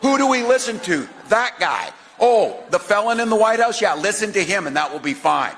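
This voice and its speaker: A man's voice: high voice, lively intonation, moderate pace, creaky, a bit bright. A man giving a speech in a mocking, sing-song way. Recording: clip with long hall reverb.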